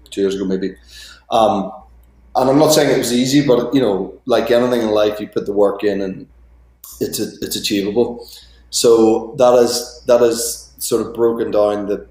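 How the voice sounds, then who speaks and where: A man in his thirties, a guest actor, chatting casually in an interview and often pausing with ums and restarts. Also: lowish voice, a little mellow, reverberant. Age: 30s. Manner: hesitant, many ums and restarts.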